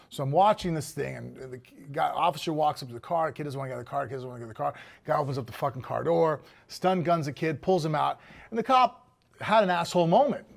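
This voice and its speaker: A man talking in a rapid, high and gravelly voice. He argues his point heatedly and swears freely in casual conversation. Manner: heated, profane, emphatic. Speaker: podcast guest. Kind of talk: casual chat.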